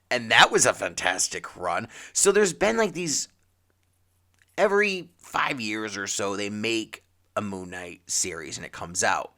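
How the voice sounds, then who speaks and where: Guy on a comics podcast, kinda low voice, rambles and restarts a lot, acts out little quotes. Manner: rambling, animated, with many restarts and acted-out quotes. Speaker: podcast co-host. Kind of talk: casual chat about comics and TV.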